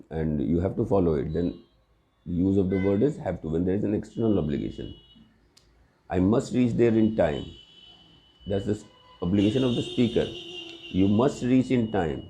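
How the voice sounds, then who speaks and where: A man's voice: sits low, lively intonation, a little fast, gravelly, dark tone. A man teaching English grammar in a recorded lesson, explaining patiently with examples and often checking with "right?".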